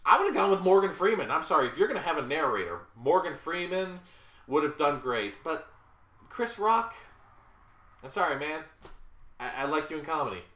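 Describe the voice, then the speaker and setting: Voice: mid-range voice, a bit bright. Blunt, exasperated movie reviewer in a roomy echo. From Southern United States. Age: 30s. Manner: blunt and exasperated, with repeated apologies. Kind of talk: casual opinionated movie rant.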